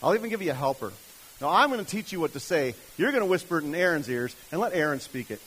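A man's voice: on the high side, very animated, fast, fairly bright tone, husky, full character voice, poor audio. A man voicing God as a patient but firm figure who gives plain, matter-of-fact orders. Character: patient but firm divine male voice, commanding.

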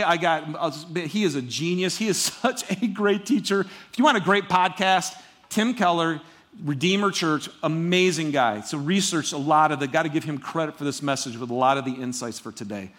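A man's voice: high-pitched, fairly bright tone. A man preaching a sermon as a pastor, conversational and emphatic, with frequent asides to the congregation.

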